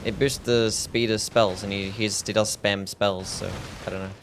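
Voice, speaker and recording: Background noise surrounds a young Australian man who talks at a moderate pace in a lowish voice while streaming a game. He chats casually and mumbly with viewers, answering their questions and trailing off uncertainly with "I don't know."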